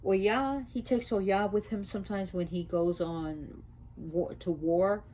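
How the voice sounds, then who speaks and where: A woman casually teaching religious lore, retelling a myth in an animated, conversational way. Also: fairly low pitch, a little slow, slight background noise, rough recording. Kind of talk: casual storytelling lesson.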